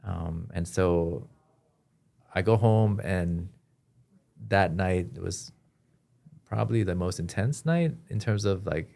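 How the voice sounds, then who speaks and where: Deep, gravelly man telling his story. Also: mellow. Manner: earnest, halting storytelling with frequent restarts. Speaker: podcast guest. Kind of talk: personal testimony in an interview.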